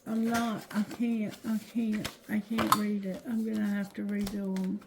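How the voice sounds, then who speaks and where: A woman doing a tarot reading, reading card text aloud slowly and haltingly, correcting herself as she goes. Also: medium pitch, little pitch movement, gravelly, background noise. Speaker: tarot reader. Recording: roomy echo.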